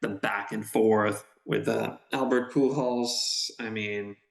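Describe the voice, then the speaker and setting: A man co-hosting a podcast in casual chat, telling a story with animated, acted-out reactions. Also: on the low side, slow, vocal fry, echoey room. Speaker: podcast co-host.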